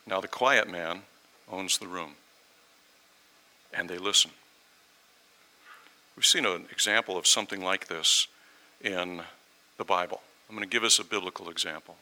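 Man, preacher, sermon, storytelling, very bright tone, lowish pitch. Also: normal speed, long pauses, rough recording. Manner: storytelling, acts out quoted voices.

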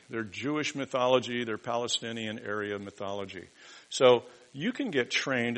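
A man preaching a sermon in a bright, forceful voice. He drops to near-whispers in reflective moments, then rises to loud, emphatic declarations. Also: medium pitch, vocal fry, poor audio. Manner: dynamic preaching, swings from hushed to loud emphatic. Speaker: pastor.

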